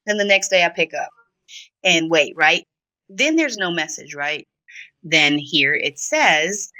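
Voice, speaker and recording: A woman's voice: sits low, measured pace, sharp tone, no room sound, poor audio. A middle-aged woman from Brazil, a guest in an interview, telling her own story emotionally. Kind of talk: confessional interview talk.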